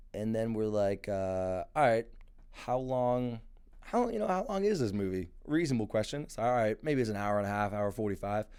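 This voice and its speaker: A man's voice: fairly low pitch, darkish tone, clean tone. A young man in his twenties hosting a solo podcast, rambling and swearing in a mocking, casual rant. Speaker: podcast host.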